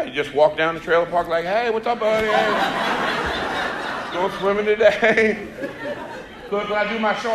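High-voiced comedian teasing the crowd. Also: male voice, noisy background. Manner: teasing, chatty, talks to the audience. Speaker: stand-up comedian. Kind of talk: stand-up crowd work. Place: comedy club stage. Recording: echoey live venue with crowd.

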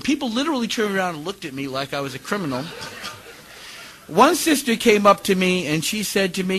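A man in his fifties giving a sermon to a congregation, telling personal stories with animated ups and downs in his voice. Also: sits high, fairly quick, slight background noise, poor audio. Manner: animated storytelling, rising and dropping his voice. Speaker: preacher giving a talk.

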